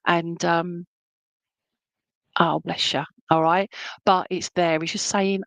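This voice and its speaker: A woman's voice: lowish voice, fairly even intonation, a little slow, long pauses, dry recording. A woman working as a spiritualist medium, giving clairvoyant readings at an online church service in a chatty, affectionate way. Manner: chatty and affectionate, with frequent endearments. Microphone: online stream.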